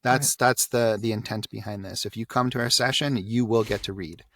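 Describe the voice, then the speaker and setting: A man's voice: fairly low pitch, fairly even intonation, moderate pace, a bit bright, a little hiss or hum. A man talking casually as a podcast guest about running a voiceover coaching group, often tagging his points with "right?". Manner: chatty, often tags "right?".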